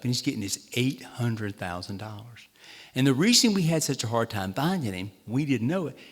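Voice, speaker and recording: This is storytelling speech from a town hall, where a Southern man who serves as state treasurer pokes fun at himself through amusing anecdotes. His mid-range voice has a fairly bright tone, and a long hall reverb surrounds it.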